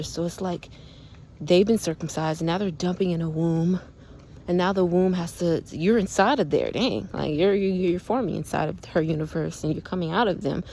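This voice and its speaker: A young woman talking in a casual, rambling spiritual monologue, earnest and quick to laugh, with lots of "like" fillers. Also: lowish voice, mellow, slight background noise. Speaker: spiritual vlogger.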